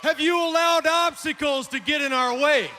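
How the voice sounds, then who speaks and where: A man giving a shouted, commanding speech in a wrestling ring, scolding his group. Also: very high voice, moderate pace, a little hiss or hum. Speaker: wrestler cutting a promo. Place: arena ring.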